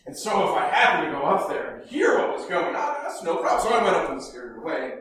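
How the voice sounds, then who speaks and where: Male storyteller, first-person dramatic monologue, high voice, animated, hushed to loud, distant echoey room. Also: fast talker, slight background noise. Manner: animated, swinging from hushed murmurs to loud bursts.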